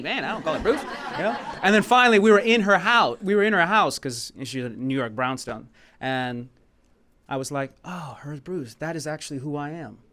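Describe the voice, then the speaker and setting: A man's voice: mid-range voice, pushed and bright. A man from the United States telling a personal story at a live showcase, rambling and repeating himself in a heartfelt way, with bits of song. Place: small venue in Paris.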